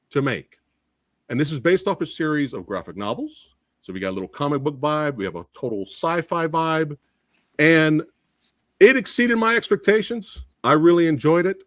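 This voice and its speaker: Lively, ranting podcast host man. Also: on the high side, no echo, clean studio sound. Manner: exasperated, ranting, lively storyteller. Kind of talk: animated casual chat.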